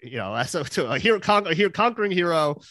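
A man's voice: on the high side, big pitch swings, fast talker, pushed and bright, no room sound. A man hosting a podcast, recapping an episode in a rambling, casual way with many fillers. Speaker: podcast host.

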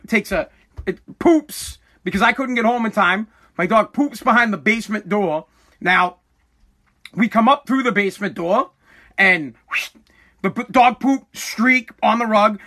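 Fired-up forty-year-old man ranting loudly. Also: sits high. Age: 40s. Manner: aggravated, swearing, bursts into yelling. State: throat irritated by dust, coughing. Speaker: podcast host. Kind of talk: angry profane rant. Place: home basement studio.

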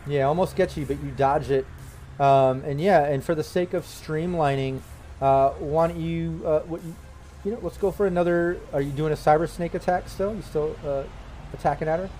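A man's voice: fairly high pitch, fairly even intonation, moderate pace, dark tone, slight background noise. A man running a tabletop role-playing game as game master, narrating the action in a loose, casual way full of fillers.

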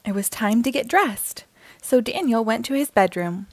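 A woman hosting a read-aloud for children, narrating in a bright, expressive way. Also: fairly high pitch, normal speed, no room sound. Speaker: storyteller host.

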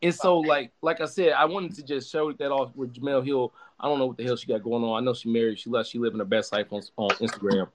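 A young man hosting a podcast in casual chat, talking in an animated, profane, emphatic way with many restarts. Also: medium pitch, fast, hardly any pauses, background noise. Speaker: podcast host.

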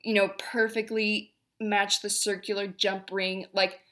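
A woman's voice: medium pitch, level tone, a little slow, sharp tone. A young woman hosting a podcast, talking in a chatty, rambling, exasperated way about everyday annoyances. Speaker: podcast host. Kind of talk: casual monologue.

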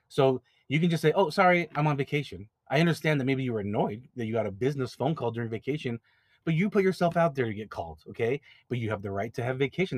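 A man's voice: mid-range voice, a little mellow, dry recording. A man hosting an advice podcast, talking casually and directly, often repeating words as he explains. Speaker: podcast host, notary signing agent business owner.

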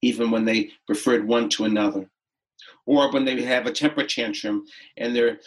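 On a podcast, a middle-aged guest tells a personal story gently and without hurry, reflecting as he goes with pauses and restarts. His medium-pitched voice stays fairly even in intonation, and the audio is poor.

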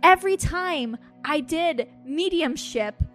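High-voiced woman telling a story on a podcast, lively, quotes herself a lot. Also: slow pace, faint music behind. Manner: animated storytelling, acts out her own quotes with laughs. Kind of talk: casual chat.

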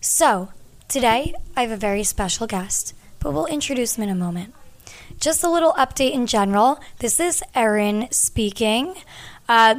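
Woman, 20s, podcast host, hoarse from a cold, chatty filler-heavy delivery, a touch high. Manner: chatty and rambling, lots of ums and likes. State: hoarse, losing her voice. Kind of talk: casual podcast chat. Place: at her family home. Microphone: podcast microphone.

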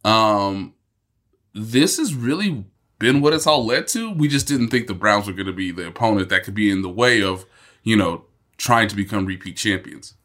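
Lower-voiced guy on a sports podcast, laid back, teasing. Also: animated, moderate pace, fairly bright tone. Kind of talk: casual sports chat.

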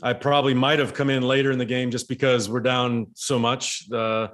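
A former baseball player telling a story in casual chat, rambling and animated with many restarts. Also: male voice, mid-range voice, moderate pace.

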